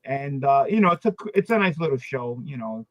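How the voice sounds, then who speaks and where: A man's voice: medium pitch, expressive, a little fast, no echo, lo-fi sound. A man from Pennsylvania hosting a casual chat, talking freely and swearing now and then. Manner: chatty, profane. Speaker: host.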